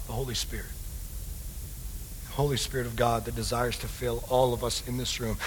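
A man preaching a sermon as pastor, calling his listeners loved ones and swinging between hushed tones and loud, emphatic passages. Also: mid-range voice, level tone, a little fast, long pauses, husky. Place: church hall with a congregation. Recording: long hall reverb.

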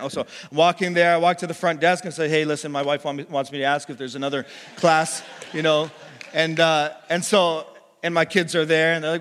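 A man's voice: fairly even intonation, moderate pace, fairly bright tone. A man preaching a sermon as pastor, telling stories and acting out the voices in them. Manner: storytelling, acts out quoted voices with big pitch jumps. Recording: long hall reverb.

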